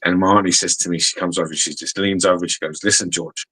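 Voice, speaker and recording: A man's voice: low-pitched, flat delivery, quick pace, bright, forceful tone, no room sound, low-quality recording. A man, co-hosting a podcast and telling profane stories in casual chat. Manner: profane storytelling, swears constantly. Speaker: podcast co-host.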